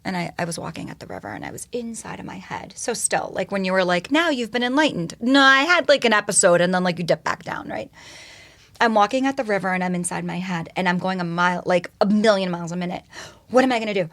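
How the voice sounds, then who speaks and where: A woman talking as a podcast guest, telling her story in an animated, expressive way and swearing casually. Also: fairly low pitch, fast. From United States.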